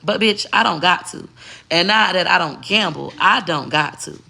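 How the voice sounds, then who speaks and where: A woman's voice: lowish voice, moderate pace, gravelly, pushed and bright. A woman content creator in a casual, heavily profane vlog rant, talking straight to her viewers and moving between slang and a proper voice. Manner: emphatic and preachy.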